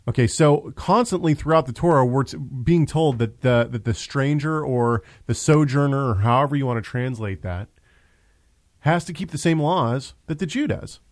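A man's voice: medium pitch, moderate pace, no echo. A man hosting a casual religious discussion show, talking in a conversational way with frequent restarts. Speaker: host.

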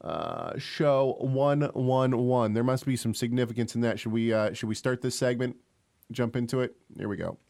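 A man's voice: mid-range voice, normal speed, vocal fry, darkish tone, slight background noise. A young adult man co-hosting an online radio show, joking and rambling in casual chat and laughing often.

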